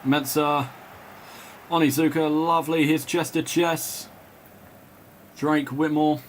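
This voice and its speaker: A man with a slightly higher voice commentates a match live, rattling off player names and chatting casually between passes. When a goal goes in, he rises to an excited shout. A faint hiss of noise sits under the recording. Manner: calls player names in quick bursts, rising to shouts on goals; chats and laughs with viewers between calls.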